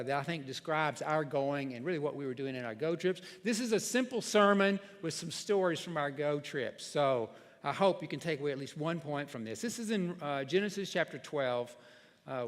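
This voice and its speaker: A man's voice: on the high side, long reverb tail. A man preaching a sermon as pastor, in a plain, conversational way with frequent restarts. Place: church sanctuary.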